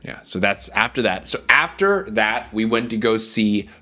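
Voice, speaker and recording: A man's voice: fairly low pitch, lively intonation, normal speed, bright, forceful tone. A man streaming casually, talking enthusiastically about food and greeting his chat. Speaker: VTuber streamer.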